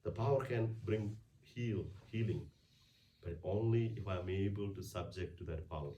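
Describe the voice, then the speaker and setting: A low-pitched, dark-toned man speaks at normal speed, preaching a conversational weekday homily as a priest in church, with frequent restarts and rhetorical questions. The audio is dull and roomy from a distant mic, with a little hiss or hum.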